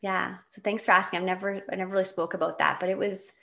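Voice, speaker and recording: A woman's voice: mid-range voice, fast talker, gravelly. Candid woman in her thirties telling a story. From Canada. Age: 30s. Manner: candid and animated, with laughs and restarts. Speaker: guest. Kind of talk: personal storytelling in conversation.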